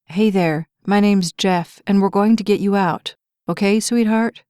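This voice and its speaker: A woman reading an audiobook, voicing a calm young male firefighter who speaks gently and patiently to a trapped child. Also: mid-range voice, unhurried, clear, resonant tone, dry recording, clean studio sound, close to an everyday voice. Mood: soothing. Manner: soothing, patient, reassuring.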